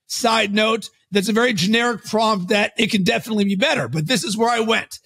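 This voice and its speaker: A man being interviewed as a guest on a podcast, a coach and founder explaining his ideas in an energetic, conversational way, with fast runs and loud emphatic bursts. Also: sits high, vocal fry, husky.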